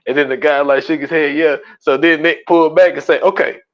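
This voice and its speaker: A man's voice: a little high, a little fast, muffled recording. A man co-hosting a casual movie podcast, acting out scenes with lots of laughter. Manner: animated storyteller who acts out scenes and laughs a lot. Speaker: podcast co-host. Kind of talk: casual movie-review chat.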